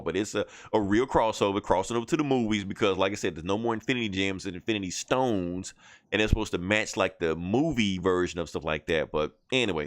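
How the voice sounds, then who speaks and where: A man hosting a podcast, casually recapping a comic book in a profane, rambling way, laughing and briefly acting out the characters. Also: deep voice. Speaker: podcast host reviewing comics.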